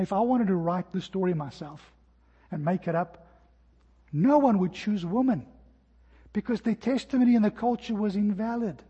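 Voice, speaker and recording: A man preaching a sermon as pastor, telling stories and dropping his voice to a hush at key points. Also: high voice, slightly rough. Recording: dull sound with long hall reverb.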